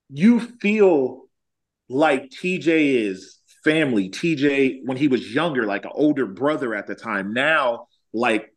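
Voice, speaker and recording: A man from Los Angeles, a former college athlete, telling stories in a casual chat and acting out quotes. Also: a little high. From Los Angeles, California. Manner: animated, acts out quotes, says "like" often.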